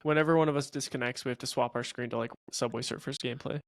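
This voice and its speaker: A man co-hosts a podcast over a video call, playful and quick to giggle. His voice sits mid-range, and the recording is dry and close. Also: mid-range voice, steady tone, dry recording. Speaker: podcast co-host. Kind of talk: casual chat on a video call.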